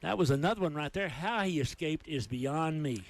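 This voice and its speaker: Excited Texan play-by-play man. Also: a little high. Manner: rapid excited play calling. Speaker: play-by-play announcer. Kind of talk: high school football radio commentary.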